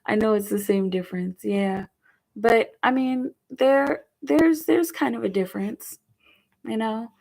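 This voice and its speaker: A young woman doing a live tarot reading, chatty and rambling, who murmurs softly while she shuffles the cards. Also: on the high side, a little slow, gravelly. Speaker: tarot reader.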